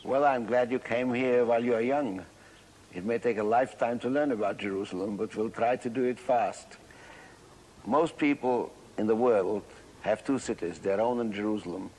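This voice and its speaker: Measured low-voiced mayor explaining history. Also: male voice, darkish tone, slight background noise, low-quality recording. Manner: measured, explanatory, pausing to find words. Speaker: city mayor.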